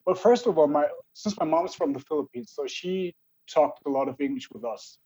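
A man's voice: fairly high pitch, lively intonation, normal speed, dark tone, husky, low-quality recording. A man from Germany chatting hesitantly and with self-mockery on a video call. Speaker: guest. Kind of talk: casual video call chat.

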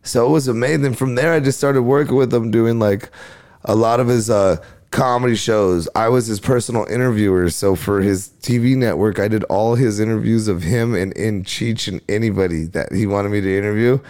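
A man's voice: on the low side, brisk, darkish tone. A male comedian telling stories in casual chat, laid-back and slangy, acting out what others said. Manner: laid-back slangy storyteller, acts out quotes. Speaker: comedian and podcast guest.

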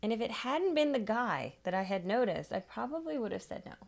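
A woman's voice: a little high, big pitch swings, fairly quick, vocal fry. A woman guest on a podcast telling a personal story in a chatty, casual way, full of "like" and laughter.

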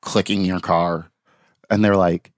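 A man's voice: low voice, slow pace, dry recording, clean studio sound. A man co-hosting a casual podcast, joking and swearing as he tells stories. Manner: joking, lively storytelling. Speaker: podcast co-host.

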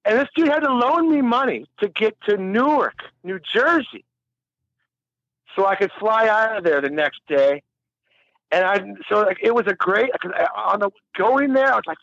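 A man's voice: high voice, animated, normal speed, fairly bright tone, dry recording, lo-fi sound. A man telling a long, rambling story in a casual interview, laughing and swearing freely. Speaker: musician guest.

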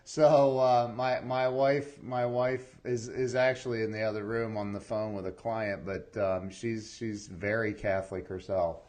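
A man hosting a podcast interview, asking questions in a halting, repetitive way with many fillers. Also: lowish voice, fairly even intonation, a little mellow. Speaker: podcast host. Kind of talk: casual interview chat.

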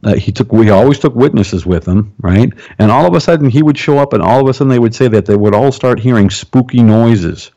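A man's voice: medium pitch, fairly quick, hardly any pauses, mellow. A male pastor, a guest on a talk show, speaks emphatically and often checks in with "right?" The recording sounds dull and lo-fi.

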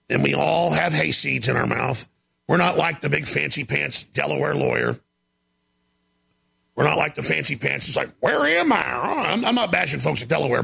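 A man hosting a talk show, delivering an emphatic, ranting monologue with a gravelly voice. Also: fairly high pitch. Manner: gravelly, shouting, emphatic rants.

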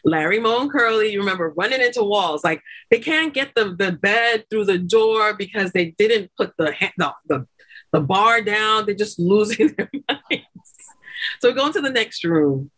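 Woman, podcast guest, animated storyteller, acts out quotes in sudden high bursts, lots of fillers. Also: normal speed. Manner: chatty, laughing often, many fillers like "like" and "you know". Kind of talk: animated birth story told in casual chat.

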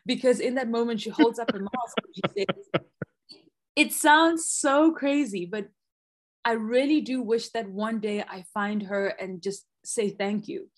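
A woman in her thirties, a podcast guest telling a personal story with lively re-enacted moments. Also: on the high side. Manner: expressive, acts out quoted panic loudly.

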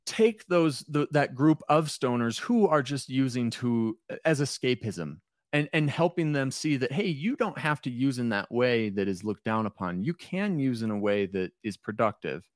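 A man's voice: medium pitch, dry recording, clean studio sound. A man talking casually on a podcast as a guest, rambling and self-deprecating, a little stoned.

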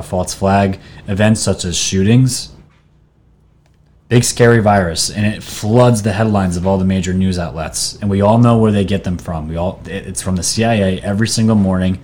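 A man's voice: sits low, fairly even intonation, moderate pace, darkish tone. A man hosting his own video channel, talking casually and rambling while reading posts and articles off his screen, with restarts and fillers. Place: New York.

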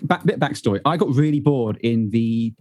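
A man's voice: medium pitch, moderate pace, darkish tone, dry recording. A man co-hosting a podcast, joking in a dry, self-mocking way. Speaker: podcast co-host. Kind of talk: casual chat.

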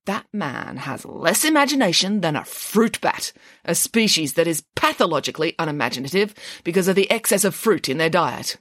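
A woman voicing a grand, bossy female pig nanny in an audiobook, pompous and exclamatory, swooping high on her outbursts. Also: sing-song, moderate pace, a bit bright, no echo, studio quality. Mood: scornful. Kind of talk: audiobook character voice.

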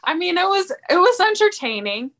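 A woman guest in a casual movie discussion, speaking in a hesitant, measured way. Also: very high voice, big pitch swings, fairly bright tone. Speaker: podcast guest.

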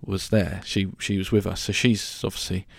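A man in his twenties or so tells a travel story in a loose, chatty way, swearing and restarting often. His voice is lowish and gravelly. The recording is dry and close. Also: level tone, moderate pace, no echo. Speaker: podcast host. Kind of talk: casual storytelling monologue.

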